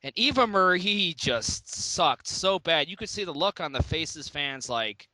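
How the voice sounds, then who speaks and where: A man's voice: fairly high pitch, expressive, unhurried, bright, forceful tone, dry recording, poor audio. A man co-hosting a casual review podcast, recapping episodes in a wry, profane way. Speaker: podcast co-host.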